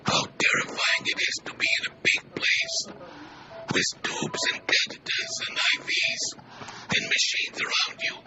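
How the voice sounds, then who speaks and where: A man's voice: very high-pitched, expressive, noisy background. Whispery older Israeli-accented man. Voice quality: whispery and weak. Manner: earnest, measured short phrases. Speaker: physician interviewee. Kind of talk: interview.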